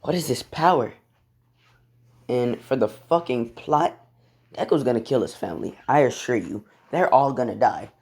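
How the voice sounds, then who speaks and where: A man's voice: mid-range voice, lively intonation, normal speed, a little mellow, slightly rough. A young man casually retelling a fan story from his bedroom, rambling and swearing offhandedly. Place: bedroom at home.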